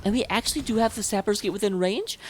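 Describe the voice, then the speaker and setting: A woman's voice: medium pitch, fast, slight background noise. A woman casting a live online video game match, chatty and self-mocking, laughing easily between plays. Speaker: esports caster.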